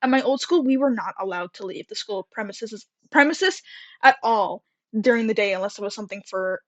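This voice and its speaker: A woman's voice: medium pitch, fast talker, dry recording, highs cut off. A young woman telling a story from her school days in a casual, rambling way, full of fillers, a little out of breath. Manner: chatty, rambling, many fillers and laughs.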